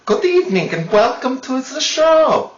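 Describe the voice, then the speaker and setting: A man hams it up as a goofy mustached doctor with a put-on German accent, pitched high and bouncing all over the place. He stumbles through his showman patter, and the lo-fi sound rings around a roomy space. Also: big pitch swings, heavily acted. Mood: jolly. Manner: hammy, halting showman patter.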